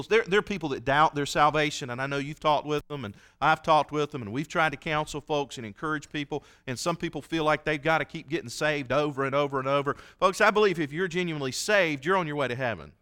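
A man's voice: fairly high pitch, bright, forceful tone. A man preaching a sermon, telling a story in an earnest, folksy way. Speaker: pastor. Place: church.

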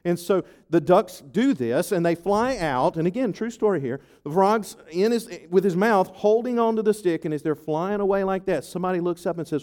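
A man, a pastor, preaching a sermon to his congregation, telling stories and reading scripture in an animated way. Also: high voice, a little fast, few pauses.

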